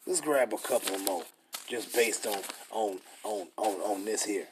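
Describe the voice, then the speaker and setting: A young man preaching and reading scripture aloud, emphatic and blunt, dropping into a slow, deliberate pace for the verses. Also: lowish voice, breathy edge. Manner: emphatic, blunt and profane, slows way down to read verses. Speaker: scripture teacher.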